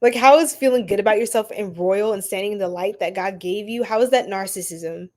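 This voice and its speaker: Animated woman hosting a tarot livestream. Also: mid-range voice, brisk. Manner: animated, laughing, preachy slang-filled asides. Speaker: tarot reader livestream host. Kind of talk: casual livestream chat.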